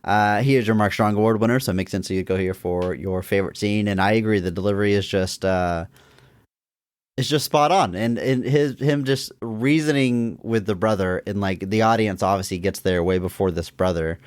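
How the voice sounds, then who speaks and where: A man co-hosting a movie podcast, talking in a relaxed, agreeable way with chuckling asides. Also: lowish voice, brisk, no room sound, clean studio sound. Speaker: podcast co-host. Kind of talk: casual movie review chat.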